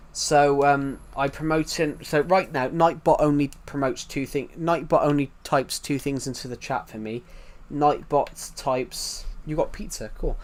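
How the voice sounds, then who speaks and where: A British man chatting casually on a live stream while playing, rambling and repeating himself as he answers viewers' chat. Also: on the high side. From United Kingdom.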